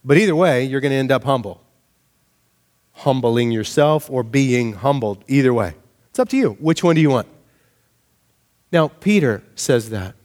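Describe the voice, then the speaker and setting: A man preaching a sermon in a conversational, animated way, often asking the congregation rhetorical questions. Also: mid-range voice, moderate pace, pauses often. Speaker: pastor.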